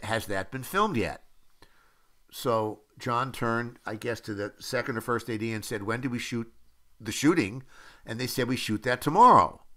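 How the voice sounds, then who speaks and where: An older man in his seventies with a low, bright, forward voice tells behind-the-scenes stories as a screenwriter. He talks the way he remembers things, with plenty of "uh"s and acted-out quotes from the people in his stories. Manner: anecdotal storytelling, with many fillers and acted-out quotes. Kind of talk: film audio commentary.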